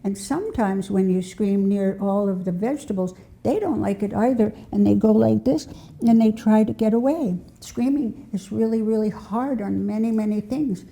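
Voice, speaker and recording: An older woman tells stories in a loose, rambling way, with plenty of restarts and small laughs. Her voice is low and mellow with a gravelly fry. She sounds like a relaxed storyteller speaking to a local audience. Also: moderate pace. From New Hampshire. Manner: warm rambling anecdotes with frequent restarts and laughter. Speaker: storyteller sharing community memories. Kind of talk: casual spoken storytelling.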